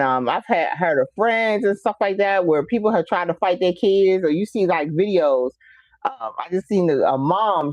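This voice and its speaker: Chatty woman host, lowish voice. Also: darkish tone, no room sound. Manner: storytelling, laughing, acting out relatives. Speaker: show host reading viewer comments. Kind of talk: casual chat.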